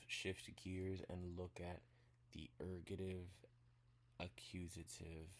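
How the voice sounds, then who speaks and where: A man giving a casual spoken language lesson, walking through examples step by step in a relaxed way. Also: low voice. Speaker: language teacher.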